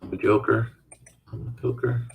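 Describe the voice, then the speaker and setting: A man's voice: medium pitch, flat delivery, normal speed, gravelly, far from the mic, phone-quality sound, slight background noise. A middle-aged man hosting a live trading stream, talking casually and answering viewer chat as he trades. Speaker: stock trading host.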